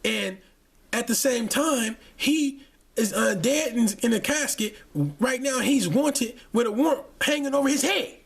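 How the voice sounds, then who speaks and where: Husky man ranting heatedly. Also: extremely high pitch, animated, measured pace. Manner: heated, profane, with many repeated restarts. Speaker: channel host. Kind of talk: angry ranting commentary.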